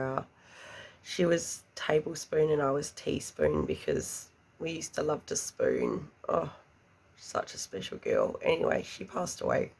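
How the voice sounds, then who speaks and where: Female tarot reader, slow, breathy near-whisper with a gravelly texture, emotional delivery. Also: sits low, a little mellow. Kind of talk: slow, soft tarot reading.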